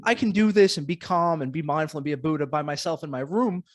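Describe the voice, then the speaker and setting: A man's voice: fairly high pitch, fast. A man hosting a podcast, responding with enthusiastic praise and chatting casually about his own struggles. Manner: enthusiastic, affirming, casual swearing. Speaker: podcast host. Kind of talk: casual interview chat.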